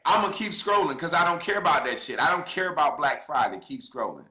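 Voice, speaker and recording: A man crying as he preaches to his viewers, swearing freely and swinging from shouts to quiet asides. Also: high voice, animated, brisk, few pauses, echoey room, poor audio. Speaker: social media commentator. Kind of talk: emotional monologue to viewers.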